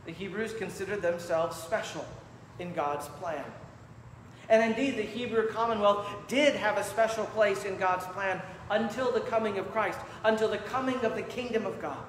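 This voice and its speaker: A man preaching a sermon from the pulpit with emphatic, measured delivery. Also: high voice. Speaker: pastor. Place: church sanctuary. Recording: echoey church hall with faint room noise.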